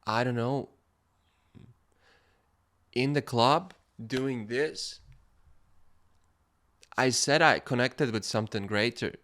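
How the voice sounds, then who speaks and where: A man hosting a podcast, telling a personal story in a casual monologue, animated and laughing in places, quiet and reflective in others. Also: mid-range voice, slow pace, long pauses. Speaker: podcast host.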